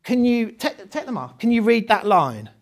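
A man's voice: very high-pitched, very animated, moderate pace. Chatty male trainer asking rhetorical questions. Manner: conversational, rhetorical questions, laughs often. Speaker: teacher trainer. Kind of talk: live training session.

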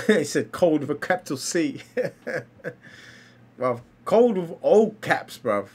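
Animated streamer, lively voice. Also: male voice, fairly high pitch, slow pace, husky. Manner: animated, exclaiming and laughing while reacting. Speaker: livestreamer reading comics. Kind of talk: casual live-stream commentary.

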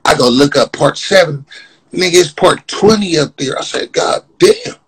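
A man ranting casually on his vlog, repeating the same slang and laughing as his voice jumps up when he gets animated. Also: on the high side, normal speed, breathy edge, poor audio. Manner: repetitive, profane, keeps saying "blood". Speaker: vlogger.

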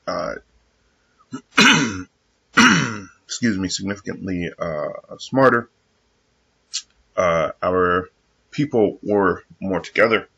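Brief: low raspy man, breathy grit, measured earnest vlogger, dull lo-fi sound. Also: a bit bright. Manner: measured and earnest, with frequent pauses and fillers. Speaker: vlogger addressing his viewers. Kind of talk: casual reflective monologue.

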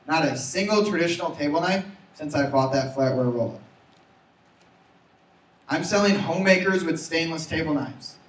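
A young man giving an energetic motivational sales talk, urging his audience to repeat after him. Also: on the high side. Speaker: sales trainer. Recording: roomy, from far off.

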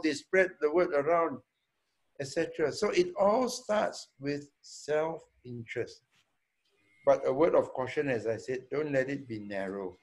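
Slow, deliberate higher-voiced man. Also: darkish tone. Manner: slow, deliberate, checks in with "yeah?"; repeats himself for emphasis. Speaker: hotel owner answering students' questions. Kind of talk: Q&A talk.

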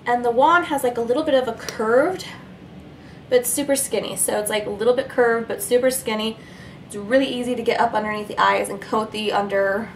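A woman's voice: mid-range voice, fairly bright tone, a little hiss or hum. A pregnant young woman reviewing her makeup favorites to camera, chatting in a bubbly, giggly, rambling way. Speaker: beauty vlogger.

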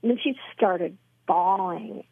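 Over a tinny, dry phone connection, a pro-life advocate appearing as a podcast guest recounts her story with fervent sincerity, sprinkling in lots of "you know." She speaks slowly in a lowish, creaky voice with a breathy edge and no echo.

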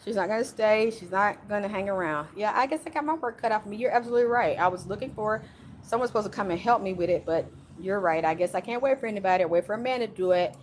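A woman's voice: medium pitch, quick pace, a little hiss or hum. Woman, spiritual medium, casual outdoor livestream from her yard, meandering and sighing, mid-range voice. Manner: meandering, with frequent sighs and laughs.

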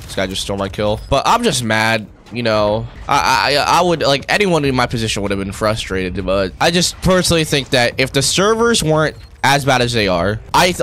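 A man's voice: medium pitch, fairly bright tone, slight background noise. Slangy, irritated young man ranting. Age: young adult. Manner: irritated, profane, slangy with "bro" and "man", stumbling restarts. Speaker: college student gamer. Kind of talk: ranting commentary over gameplay.

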